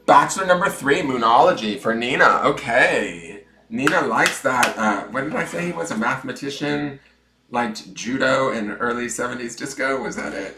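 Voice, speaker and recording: A man hosts a relaxed tarot livestream from his home and chats freely with viewers. He swears now and then, pokes fun at himself, and drops from loud greetings to mumbled asides. His voice sits at an ordinary pitch for a man, and the room around him has a strong echo. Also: moderate pace, soft background music. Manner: chatty, swearing, self-mocking, drifts between loud greetings and mumbled asides. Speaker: tarot reader hosting a livestream. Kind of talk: casual livestream chat and tarot reading. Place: room at home with dogs snoring nearby.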